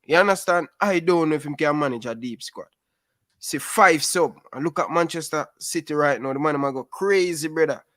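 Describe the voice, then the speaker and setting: A man phones in to a fan show, talking animatedly in patois-laced speech and calling everyone "brother." His voice sits on the high side and moves a little fast. The casual chat is recorded in studio quality with no echo.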